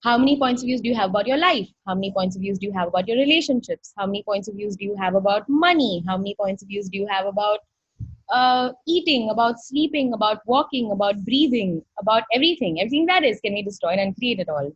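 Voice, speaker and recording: Female facilitator, slightly husky, warmly effusive teacher on a muffled video call. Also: medium pitch, animated, fast talker, no room sound. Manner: effusive, earnest, quotes dialogue animatedly. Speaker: workshop facilitator. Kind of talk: online workshop talk. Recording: dull dry video-call audio.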